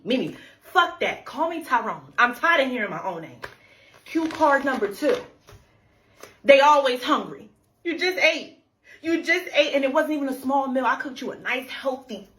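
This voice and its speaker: A mother ranting comically to camera, sarcastic and animated. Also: fairly high pitch, a little hiss or hum.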